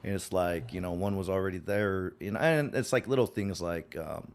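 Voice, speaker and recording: A man's voice: deep voice, normal speed. A man speaking as a podcast guest in casual conversation, with a Western twang and lots of filler words. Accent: American, Western twang. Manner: rambling, many fillers, acts out quotes.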